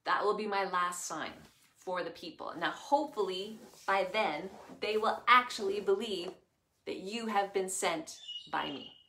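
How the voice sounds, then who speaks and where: A woman's voice: mid-range voice, a little slow, pushed and bright, roomy sound, slight background noise. A woman voicing God in a children's story, giving patient, reassuring instructions. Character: calm, patient, commanding divine voice.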